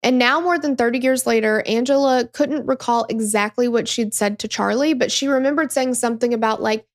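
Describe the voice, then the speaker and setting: A woman's voice: fairly high pitch, fairly quick. A woman hosting a true crime podcast, telling the story in a casual, emphatic way and swearing freely.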